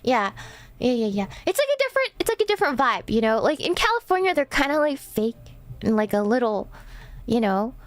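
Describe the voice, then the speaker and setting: A woman's voice: a little high, sing-song, fairly quick, no echo. A woman streamer chatting casually, rambling and chatty, full of "like" and restarts. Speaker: streamer host. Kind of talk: casual livestream chat.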